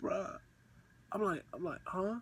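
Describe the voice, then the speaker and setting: Young male vlogger, high voice, casual slangy storyteller, acts out crying. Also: normal speed, a bit bright. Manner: slangy, repeats himself, says "bro" a lot.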